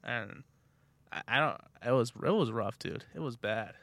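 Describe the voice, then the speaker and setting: A young man co-hosting a podcast, animated and laughing often as he tells a story. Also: medium pitch, normal speed, no echo. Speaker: podcast co-host. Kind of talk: casual chat.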